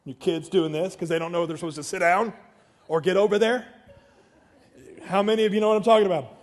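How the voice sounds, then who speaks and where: Chatty, joking male pastor, slightly high voice. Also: fast. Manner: chatty and self-deprecating, with joking asides to the congregation. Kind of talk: conversational sermon. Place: church.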